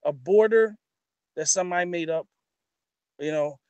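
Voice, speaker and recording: A man's voice: sits high, moderate pace, darkish tone, smooth, dry recording, highs cut off. A man talking as a guest on a talk show, emphatic and repetitive, building his points through rhetorical questions. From New York. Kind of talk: impassioned talk-show commentary.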